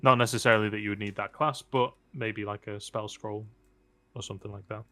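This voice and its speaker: A man narrating a tabletop game as game master, relaxed and joking, with many fillers. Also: fairly low pitch, fairly quick.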